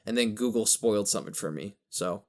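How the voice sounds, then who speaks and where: A man's voice: on the low side, a little fast. A man co-hosting a podcast in casual chat, rambling and correcting himself, with a slight lisp. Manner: rambling, self-correcting, laughs at own jokes. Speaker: podcast co-host.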